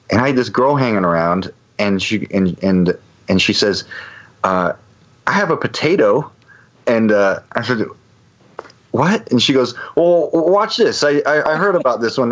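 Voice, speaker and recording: A man's voice: medium pitch, dull audio. A man telling a long story on a podcast, rambling with many restarts and fillers. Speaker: podcast guest. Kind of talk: casual storytelling.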